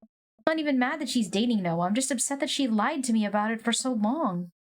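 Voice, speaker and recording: A woman's voice: on the high side, animated, fairly quick, close to an everyday voice. A woman reading the lines of a heartbroken teenage girl from a dating game, in a plain, sincere voice. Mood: hurt.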